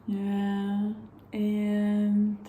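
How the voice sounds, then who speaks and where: A young woman telling stories from her solo trip in a candid, animated vlog, swearing often. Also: mid-range voice, very slow, echoey room, low-quality recording. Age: young adult. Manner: candid, animated storytelling with frequent swearing and laughs. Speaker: travel vlogger. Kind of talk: casual storytelling vlog.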